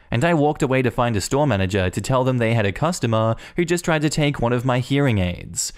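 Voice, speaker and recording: Man reading stories in a middle-pitched voice. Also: expressive, brisk, few pauses. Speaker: story narrator. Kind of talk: reading online stories aloud.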